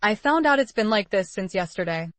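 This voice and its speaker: Woman, story recap narration, even delivery, dry close sound. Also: mid-range voice, fairly quick, no room sound. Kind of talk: scripted narration.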